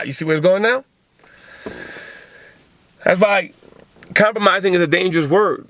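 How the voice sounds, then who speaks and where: A man's voice: high-pitched, moderate pace, gravelly, pauses often, a bit bright. A man hosting a motivational talk show, lecturing in blunt, profane casual speech full of rhetorical questions.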